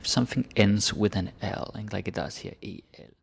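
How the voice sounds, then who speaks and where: A young man teaching grammar in a relaxed way, repeating words slowly and adding casual asides. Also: on the low side, creaky, breathy edge. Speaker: language teacher.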